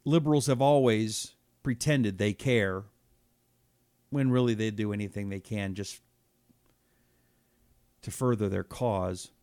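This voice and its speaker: A man in his fifties hosting a political talk show, reading viewer comments and reacting with indignation, dropping to a hush and then rising loud. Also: on the low side, takes it slowly, long pauses, smooth, no echo, clean studio sound. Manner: heated and indignant, swings from hushed to loud.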